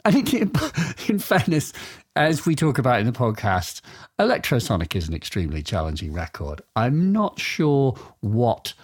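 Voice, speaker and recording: A man with a slightly husky voice hosts his podcast in a jokey, mock-grandiose manner. His pitch leaps and dips all over the place for comic emphasis, and his delivery stays loose and playful. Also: huge pitch swings, normal speed. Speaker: podcast host. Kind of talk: playful podcast intro and sponsor read.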